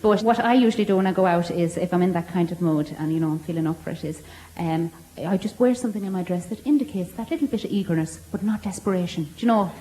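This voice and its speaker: A woman's voice: on the low side, fast talker, hardly any pauses, warm tone. An Irish woman comedian doing cheeky, chatty banter with a live audience on a theatre stage. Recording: echoey live theatre with music.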